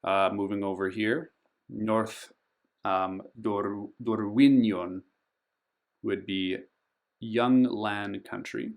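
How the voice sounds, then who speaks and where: Speaking slowly and with care, a board game channel host teaches how to say the names on a game map, elongating and stressing each, and using many ums to fill pauses. His voice is on the low side, with fairly even intonation.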